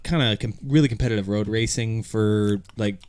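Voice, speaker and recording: A man's voice: on the low side, normal speed, clear, resonant tone. A man in a casual group chat, talking loosely with lots of "like"s. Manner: relaxed, loose talk with many "like"s.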